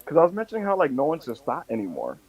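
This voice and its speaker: A man's voice: on the high side, very fast, slightly rough, phone-quality sound. A young man co-hosting a casual wrestling podcast, telling rambling stories with lots of swearing. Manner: animated, swearing, rambling storyteller. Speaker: podcast co-host.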